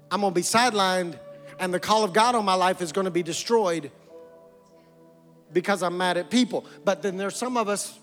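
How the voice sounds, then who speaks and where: A pastor preaching a sermon, building repeated lines into emphatic calls and dropping low to press a point. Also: male voice, a bit bright. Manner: repetitive preaching cadence, rising to emphatic calls. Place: church sanctuary. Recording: long hall reverb with music.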